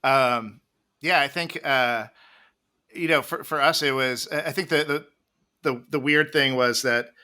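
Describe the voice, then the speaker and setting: A man's voice: medium pitch, measured pace, pushed and bright, clean tone. A man guest on a podcast, telling long, rambling stories with many restarts and laughs. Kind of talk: casual storytelling interview.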